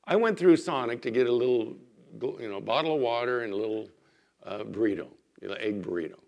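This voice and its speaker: A male pastor preaching from the pulpit in a relaxed, story-telling manner. His middle-pitched voice rises and falls as he recounts small everyday moments, then presses his point with emphasis. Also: brisk, highs cut off. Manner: conversational storytelling, lively emphasis. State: recovering from illness. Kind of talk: sermon. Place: church.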